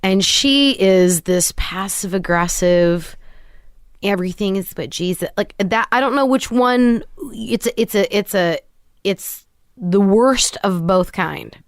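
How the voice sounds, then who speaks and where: A middle-aged woman talking as a podcast guest, candid and wry, deadpan even about hard subjects. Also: medium pitch, slow pace, dry recording, studio quality. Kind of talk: casual conversation.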